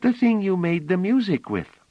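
Audiobook girl child, very high and shrill, breathless and eager, put on by a deep-voiced male narrator. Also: very animated, normal speed, no room sound, muffled recording. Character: excitable little girl with a shrill voice.

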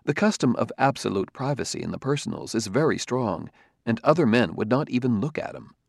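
A man voicing a calm, precise male humanoid robot detective who speaks in a measured, formal, logical way. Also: medium pitch, creaky, dry recording, clean studio sound. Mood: composed.

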